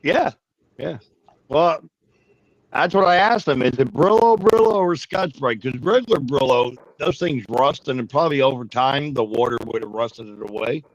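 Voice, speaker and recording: Gravelly man, fairly high voice, co-host, dry close lo-fi sound, crude deadpan humor. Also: measured pace, dry recording. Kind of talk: casual chat, storytelling. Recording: dry dull lo-fi audio.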